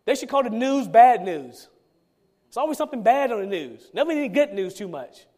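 A man's voice: extremely high pitch, very animated, a little fast, mellow. A man, a pastor, preaching a sermon with emphatic repetition and rhetorical questions.

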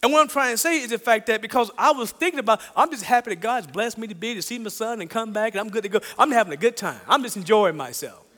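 High, bright-voiced man preaching. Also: fast, hardly any pauses, big-room sound. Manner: animated storytelling, repeats phrases, chuckles. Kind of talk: sermon with personal story.

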